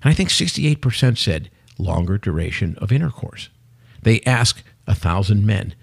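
A middle-aged man, a podcast guest, chatting casually and telling animated stories, acting out quotes and dropping a lot of "okay". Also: on the low side, brisk, creaky, slightly rough. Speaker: podcast guest, company CEO. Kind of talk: casual chat, animated storytelling.

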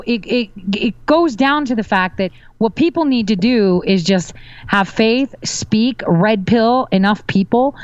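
A woman's voice: medium pitch, no echo, lo-fi sound. A woman guest on a talk show, speaking in casual chat with assertive, confident claims.

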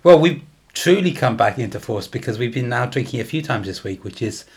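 A man's voice: medium pitch, expressive, a little fast, slightly rough. A man co-hosting a podcast, chatting casually with dry, brief replies. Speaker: podcast co-host. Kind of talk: casual chat.

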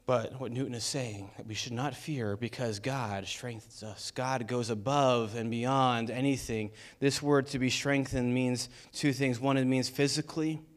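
A man preaching a sermon as pastor of a church, building intensity with rhetorical questions. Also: medium pitch.

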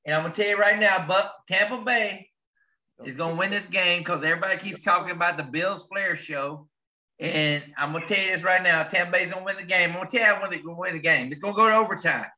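A man's voice: sits high, fast, sharp tone, highs cut off. A man hosting a sports podcast, boastfully rambling through his game predictions in casual banter. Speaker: podcast host.

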